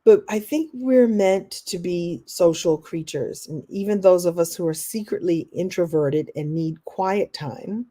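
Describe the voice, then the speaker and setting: A woman leading a live online masterclass as a motivational coach, animated, acting out what people say and answering viewer comments. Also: on the low side, measured pace, few pauses. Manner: animated, acts out quoted voices.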